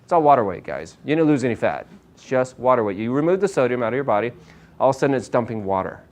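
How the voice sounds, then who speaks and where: A man's voice: mid-range voice, fast talker. A man giving a casual health talk to a small live audience, upbeat and a bit hyper, firing questions at the listeners. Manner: energetic, asks the audience questions, self-described hyper. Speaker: chiropractor giving a nutrition talk. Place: small meeting room with an audience.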